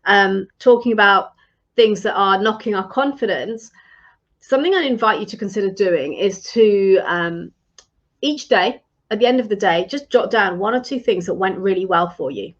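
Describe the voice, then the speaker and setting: A woman's voice: mid-range voice, moderate pace, dull audio. A woman who works as a leadership and career coach gives an encouraging, conversational talk on a live stream, often restarting her phrases.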